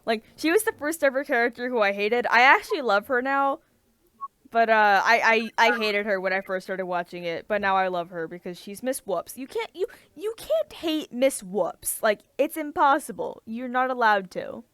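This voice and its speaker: Brief: young woman, casual co-host, slightly high voice, dry close recording, rambling enthusiasm. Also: animated, normal speed, a bit bright, smooth, dry recording. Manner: rambling, filler-heavy, enthusiastic. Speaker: podcast co-host. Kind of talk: casual chat.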